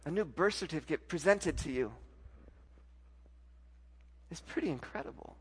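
A pastor preaching a sermon, telling a personal story, moving from soft, intimate lines to loud, emphatic ones. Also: male voice, a little high, lively intonation, normal speed, husky.

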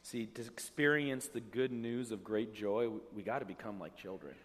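Animated man preaching in a reverberant hall. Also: lowish voice, normal speed, slight background noise. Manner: conversational, animated preaching with acted-out quotes. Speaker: pastor. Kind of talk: sermon. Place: church.

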